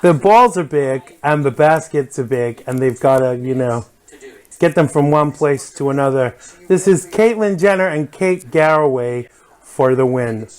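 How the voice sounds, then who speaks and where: A man's voice: medium pitch, a little slow, a little mellow. A man hosting his vlog, chatting casually and jokily about a TV show as he watches it. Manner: chatty, rambling, jokey asides. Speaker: vlog host.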